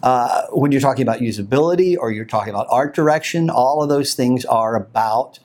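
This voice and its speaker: A man's voice: medium pitch, brisk, slight background noise. Confident, articulate male podcast guest. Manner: deadpan joking, then confident and articulate. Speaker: creative director, guest. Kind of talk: casual podcast interview.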